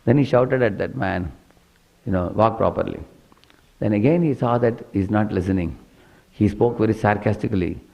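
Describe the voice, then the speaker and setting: Low-voiced man telling a sermon story. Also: fairly quick, highs cut off. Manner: retells the story with frequent "hmm" and questioning "huh?" asides. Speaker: preacher.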